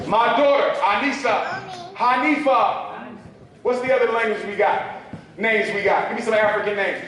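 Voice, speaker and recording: A man's voice: sits high, moderate pace, a bit bright, distant mic. A man giving a talk to a live audience, preacherly, drawing call-and-response from the crowd. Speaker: speaker at a public talk. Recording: echoey hall, mic from afar.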